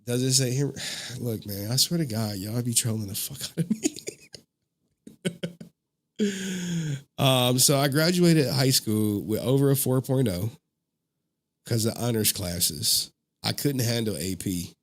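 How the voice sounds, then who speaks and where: A man in his thirties hosting a casual online commentary, animated and slangy, swearing and laughing often. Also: mid-range voice, takes it slowly, pauses often.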